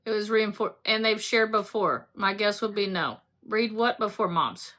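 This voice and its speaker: A woman hosting a casual book club discussion, animated and laughing as she acts out scenes. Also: medium pitch, moderate pace.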